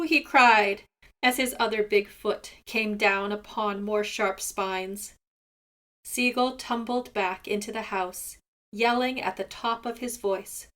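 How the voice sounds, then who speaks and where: A woman reading a folk tale aloud to children in an expressive, measured way. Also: mid-range voice. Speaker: storyteller. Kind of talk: storybook read-aloud.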